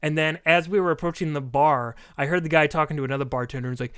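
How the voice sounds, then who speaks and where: A young man co-hosting a podcast, telling an animated, profane story in casual chat and acting out the other people's lines. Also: fairly high pitch, racing, few pauses, smooth, no room sound, clean studio sound. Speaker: podcast co-host.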